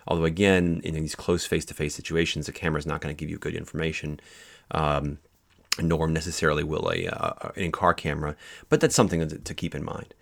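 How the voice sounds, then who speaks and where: A man's voice: a bass voice, steady tone, fairly quick, vocal fry, fairly bright tone. A man teaching a lecture on case law, explaining with frequent fillers and restarts. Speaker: legal instructor.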